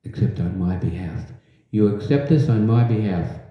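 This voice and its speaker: A man's voice: fairly low pitch, normal speed. An older man giving a devotional talk to a live audience in a large hall, telling humorous stories and leading call-and-response. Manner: humorous, lively storyteller. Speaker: devotional speaker. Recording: very echoey, dull hall recording.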